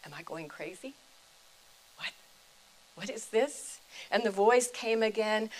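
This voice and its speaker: Older lady, retired preacher, telling her faith story real slow and thoughtful. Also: medium pitch, animated, low-quality recording. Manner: slow, deliberate, reflective telling. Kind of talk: personal faith testimony storytelling.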